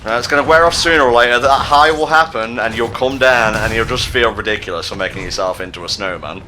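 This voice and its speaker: A man playing a video game while making sarcastic, deadpan jokes, swearing freely. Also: mid-range voice, fast talker, slight background noise. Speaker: player in a gameplay video. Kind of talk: casual gaming commentary.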